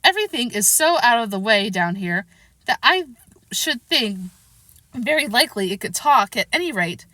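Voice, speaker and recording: A woman's voice: a little high, big pitch swings, normal speed, sharp tone, dry recording. A woman voicing Alice, a polite, curious little girl, in a put-on English accent with a prim, earnest manner. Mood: musing.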